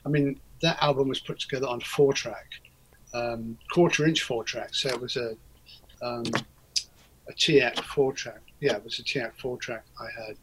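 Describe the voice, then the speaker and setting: A man's voice: mid-range voice, fairly even intonation, normal speed, a bit bright, a little hiss or hum, poor audio. A man, a guest in a casual interview, talking in a rambling, hesitant way with many fillers and restarts. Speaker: interview guest, record producer.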